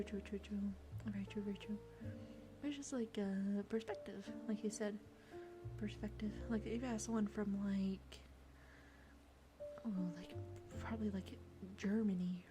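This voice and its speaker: A woman with an American accent, chatting with viewers in an ASMR stream, soft-spoken and partly whispered. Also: medium pitch. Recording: music playing behind.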